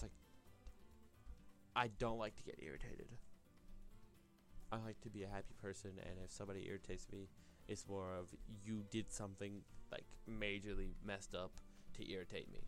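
A man's voice: fairly low pitch, steady tone, normal speed, fairly bright tone, faint music behind. A young man talking alone on his podcast, rambling and restarting his sentences, full of filler words. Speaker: podcast host. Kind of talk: solo podcast monologue.

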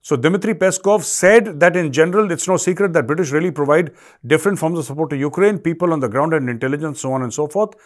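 A man's voice: on the high side, fast. A man with an Indian accent hosting a solo current affairs commentary, lecturing the audience and repeating key points for emphasis. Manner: lecturing, addresses the audience directly. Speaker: show host and commentator.

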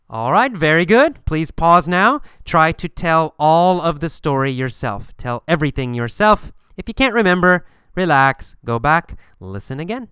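For language learners, a man tells a story at a slow, deliberate pace, clearly repeating phrases so they can be imitated. His bright, crisp voice moves up and down lively in pitch, and the close, dry recording has no echo.

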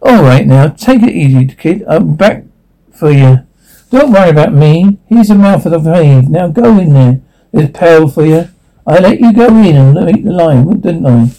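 A bossy, scheming straight man from a 1940s radio comedy, as a man plays him. He talks brisk and matter-of-fact, ordering his partner around in a lower, mellow voice. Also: animated, poor audio. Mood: coaxing.

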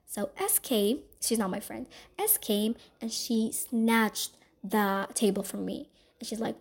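A woman's voice: fairly high pitch, takes it slowly. A young woman hosting her podcast, telling a personal story in a rambling, gossipy way that keeps tagging lines with "like" and "okay?". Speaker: podcast host. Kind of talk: casual storytelling monologue.

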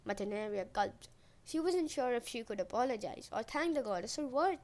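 A woman's voice: fairly high pitch, animated, a little fast, a little mellow. A woman podcast host retelling a myth in a playful, wry way.

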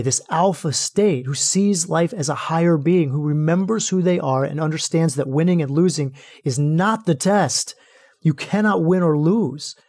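A man hosting a podcast, giving a slow, emphatic spiritual teaching with repeated phrases. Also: fairly high pitch, a little mellow, dry recording, studio quality. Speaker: podcast host.

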